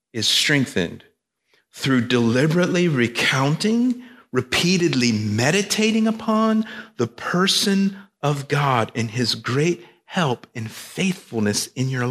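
A man's voice: on the high side, fairly bright tone. A male pastor preaching a sermon, emphatic and repetitive, with joking asides. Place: church sanctuary. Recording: long reverb of a church hall.

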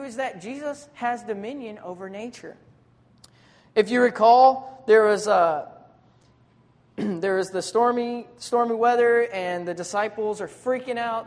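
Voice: mid-range voice, long reverb tail. Casual, conversational preacher. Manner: lively, dramatic retelling of scripture scenes. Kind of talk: sermon.

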